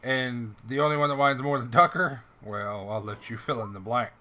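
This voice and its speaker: A man's voice: medium pitch, normal speed, bright, forceful tone. A man hosting a tabletop game session, introducing players with teasing jokes in casual banter. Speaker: game master and show host.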